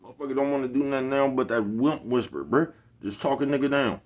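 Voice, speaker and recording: A man's voice: mid-range voice, expressive, fast talker, darkish tone. A man in his forties, a YouTube host, giving a casual motivational monologue full of streetwise slang and repeated catchphrases. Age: 40s.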